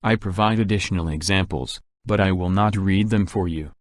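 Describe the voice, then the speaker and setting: A man reading an English grammar lesson aloud, giving the rules and the answers in a measured, even way. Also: sits low, no room sound, clean studio sound. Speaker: English teacher.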